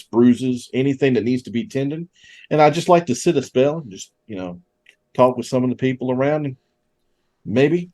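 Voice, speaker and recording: A man's voice: mid-range voice, darkish tone, close to an everyday voice. A man voicing a friendly thirty-something country man, a healer's son, rambling in a folksy way.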